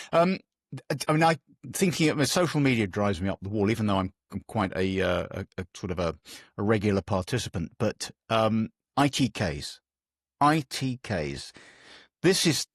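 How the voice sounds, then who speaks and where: A man with an English accent hosting a casual podcast chat, animated and given to swearing when worked up. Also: lowish voice, moderate pace, dry recording, clean studio sound. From England. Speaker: podcast host.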